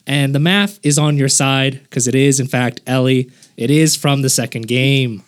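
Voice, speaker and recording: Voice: mid-range voice, normal speed, clean tone. A playful quiz host who teases the players and laughs often.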